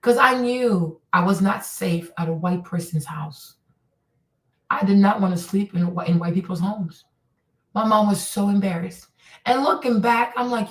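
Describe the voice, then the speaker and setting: A woman hosting her own stream, telling stories and ranting bluntly in casual, profane, animated commentary. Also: mid-range voice, far from the mic. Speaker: streamer host. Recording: echoey room, voice a bit off-mic.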